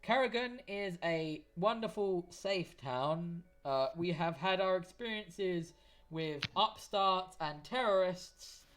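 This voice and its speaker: A man's voice: sits high, animated, slow pace, a bit bright, a little hiss or hum, heavily acted. A man voicing a wary, guarded tavern barman in a tabletop game, who speaks formally and carefully. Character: wary middle-aged male tavern barman.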